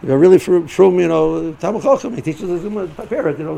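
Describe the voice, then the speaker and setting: A middle-aged man giving an informal Torah lesson, halting and repeating words as he restarts sentences. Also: high voice, expressive, vocal fry, mellow, husky, low-quality recording. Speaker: yeshiva rebbe giving a shiur.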